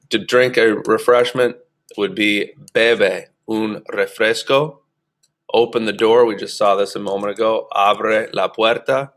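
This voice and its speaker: A man teaching a screencast grammar lesson, explaining patiently and slowing down to speak example phrases. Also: lowish voice, a bit bright. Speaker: Spanish teacher. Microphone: computer mic for a screen recording.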